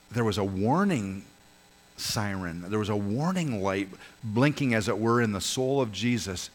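A man delivering a sermon as pastor, his voice sitting on the low side. He talks earnestly and directly to the congregation, swelling loud on key phrases and then dropping soft. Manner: earnest, rises and falls in pitch and volume for emphasis; addresses congregation directly, asks them to join in.

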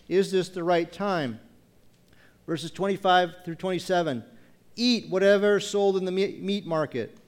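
Guy with a pretty high voice preaching, lots of rhetorical questions, reads bible verses out. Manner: asks repeated rhetorical questions, reads scripture aloud. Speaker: pastor. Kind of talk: sermon.

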